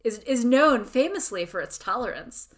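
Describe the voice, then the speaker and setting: A woman co-hosting a casual book podcast, sarcastic and quick to laugh. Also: a little high, animated. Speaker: podcast co-host. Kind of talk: casual book-discussion chat.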